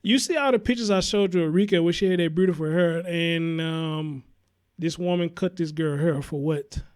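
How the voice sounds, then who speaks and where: A man's voice: fairly high pitch, normal speed, darkish tone, clean tone. A man hosting a live-stream commentary show, talking bluntly and heatedly with heavy cursing while he greets viewers. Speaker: talk show host.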